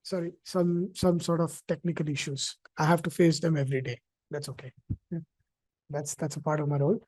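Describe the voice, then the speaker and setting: A man speaks over a video call in a slow, reflective way, often stopping on fillers and restarting his sentences. His voice is dark and mellow, and the sound is dry and close. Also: a little high, fairly even intonation, no echo. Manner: hesitant, many fillers and restarts. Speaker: invited speaker at an online event. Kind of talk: reflective personal talk. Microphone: own computer mic on a video call.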